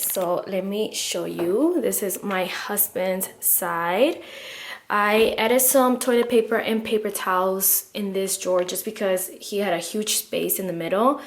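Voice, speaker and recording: A woman's voice: mid-range voice, a little hiss or hum. A young adult woman chatting casually and upbeat in a home vlog as a student, full of "like" and "literally". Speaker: student vlogger. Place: at home, indoors.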